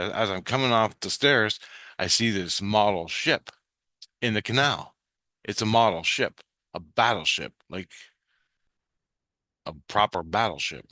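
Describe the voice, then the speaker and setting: Low-voiced man telling a rambling story. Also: sharp tone, no echo, studio quality. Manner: meandering, frequent restarts and casual swearing. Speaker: vlogger recounting a spirit-world vision.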